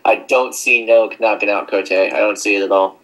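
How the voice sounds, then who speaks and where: A man co-hosting a casual podcast, giving firm opinions in a steady way. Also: fairly low pitch, moderate pace, poor audio. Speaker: podcast co-host. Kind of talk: casual chat.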